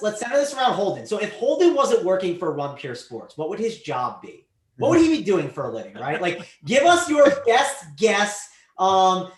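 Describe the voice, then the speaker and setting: A man hosting a casual sports betting show, animated, his voice swinging up and down and trailing off quietly. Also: high-pitched, echoey room. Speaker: show host.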